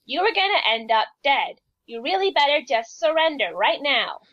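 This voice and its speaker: A woman's voice: high-pitched, expressive, moderate pace. A woman playing in a tabletop game, chatting playfully with the group. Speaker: player. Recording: dull lo-fi mic.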